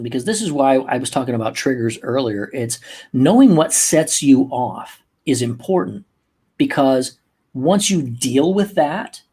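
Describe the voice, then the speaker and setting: A man hosting a motivational podcast as a coach, talking emphatically and moving from slow, soft passages to quick bursts. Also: medium pitch, breathy edge. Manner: emphatic, acts out angry outbursts.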